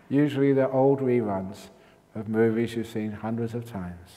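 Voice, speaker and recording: Older monk telling stories in a reverberant hall. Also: male voice, unhurried. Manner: animated storyteller, jumps high for quoted outbursts. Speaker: meditation teacher. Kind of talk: dharma talk with humorous stories. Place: retreat meditation hall.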